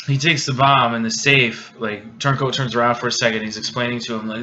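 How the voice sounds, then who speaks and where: Drunk guy, halting rambling plot retelling, bright sharp voice, muffled lo-fi recording, light hiss. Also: medium pitch, fairly even intonation. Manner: halting, rambling, many restarts and fillers. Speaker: video host.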